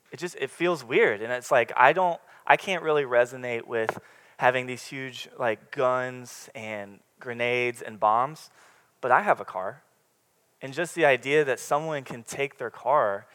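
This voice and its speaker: A man's voice: medium pitch, a bit bright. A young man preaching a casual, candid sermon, rambling a little with many fillers and restarts. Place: church meeting room with congregation. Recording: long reverb from the room.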